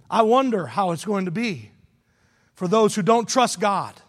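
A man's voice: sits high, big-room sound. A man preaching a sermon as pastor, with emphatic repetition of key phrases. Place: church sanctuary.

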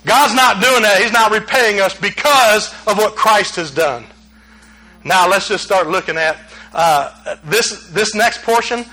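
A man's voice: high voice, unhurried, low-quality recording. A man preaching a sermon, telling stories animatedly and acting out quotes. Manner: animated storytelling with acted quotes, rising to near shouts.

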